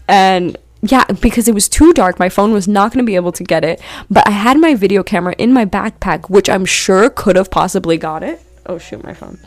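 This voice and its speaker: A young woman tells a personal story on her podcast, circling back with "like" at every turn and getting louder when she acts out what she said. Her voice sits at a middle pitch, recorded dry and close with no room sound. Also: quick pace, few pauses, no room sound. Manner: rambling, heavy use of "like", animated when quoting herself. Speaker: podcast host. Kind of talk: casual storytelling.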